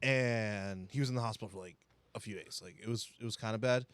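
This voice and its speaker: A man's voice: on the low side, fast, fairly bright tone. A young man, a podcast co-host, telling a story in a casual chat among friends, full of fillers and laughter.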